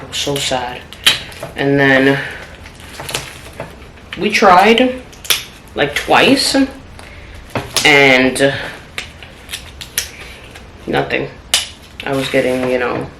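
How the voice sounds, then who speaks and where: A woman telling a personal story in a home vlog, candid and open, her voice going soft and trailing when the story turns sad. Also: very deep voice, drawn-out words, pauses often, noisy background. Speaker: vlogger. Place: home apartment. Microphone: phone camera. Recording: echoey room with clattering dishes.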